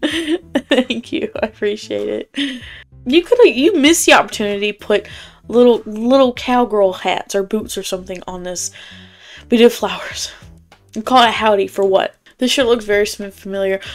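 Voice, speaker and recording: A young woman with a Southern US accent, rambling through a casual video game item review at home, chatty and quick to laugh. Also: a little high, darkish tone. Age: young adult. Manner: rambling, chatty, laughs often, slang-heavy. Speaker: YouTuber reviewing game items. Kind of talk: casual commentary. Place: home at night.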